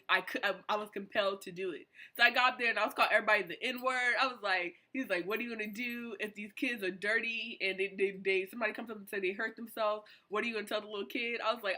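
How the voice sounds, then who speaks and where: A young woman, a college student, excitedly telling a casual storytime vlog in slangy, animated speech. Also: medium pitch. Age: young adult. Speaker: vlogger.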